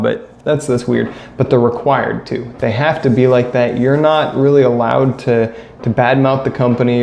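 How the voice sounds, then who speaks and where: A man's voice: medium pitch, vocal fry, darkish tone. A man in a casual, blunt rant to camera, criticizing and repeating his points. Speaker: vlogger. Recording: echoey room with faint ambient noise.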